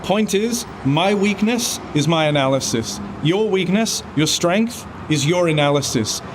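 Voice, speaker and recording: A man's voice: high voice, animated, unhurried, noisy background. A man, an esports caster, talking earnestly and bluntly with some swearing. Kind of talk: heated team talk.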